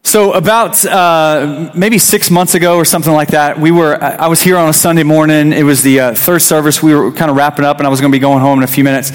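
Youth pastor in his thirties, slightly high voice, casual storytelling sermon in a reverberant church. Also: fairly even intonation, fast talker, hardly any pauses. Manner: conversational, restarts often, acts out quotes. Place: church sanctuary.

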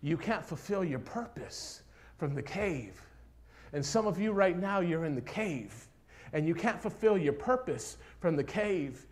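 A pastor delivers a sermon, his somewhat high, animated voice swinging from hushed, almost whispered passages to loud, climbing exhortation. He keeps a measured pace and returns again and again to rhetorical questions.

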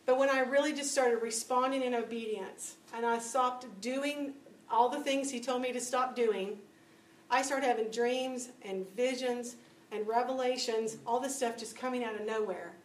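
Woman, testimony talk, storytelling, slightly high voice, echoey room, faint background noise. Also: normal speed, recorded from a distance. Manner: animated storytelling, acting out dialogue. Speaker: speaker giving testimony. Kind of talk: testimony talk to a church audience.

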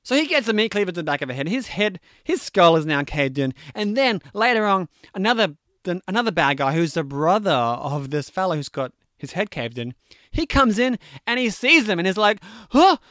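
A man casually retelling a movie plot in an animated, jokey, chatty way, full of fillers. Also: high-pitched, a little fast, no room sound, clean studio sound. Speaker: movie recapper.

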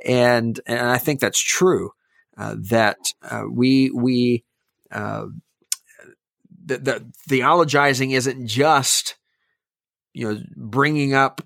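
A man's voice: medium pitch, fairly even intonation, slow, vocal fry, pauses often, fairly bright tone, no room sound, studio quality. A man who is a pastor, talking earnestly and emphatically in a podcast conversation.

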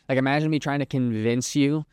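A man's voice: medium pitch, fairly even intonation, fairly quick, a little mellow, clean tone, no echo. Young male podcast host, casual preachy talk, filler-heavy, clean dry close mic. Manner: conversational, filler-heavy, lots of "like", acts out hypothetical quotes. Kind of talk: casual Christian teaching monologue.

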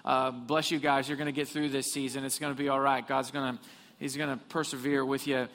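Telling humorous stories and asking the congregation questions, a pastor delivers a sermon in a church hall. He speaks briskly at medium pitch, with a flat delivery and a fairly bright tone, under a long hall reverb.

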